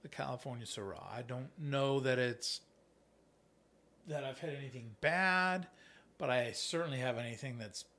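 Gravelly-voiced man chatting about wine. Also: medium pitch, normal speed, pushed and bright. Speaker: podcast co-host. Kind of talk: casual chat about wine.

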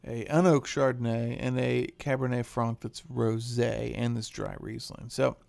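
A man's voice: mid-range voice, flat delivery, measured pace, vocal fry, a little mellow. A man hosting a casual wine podcast, joking and rambling as he talks. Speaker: podcast host.

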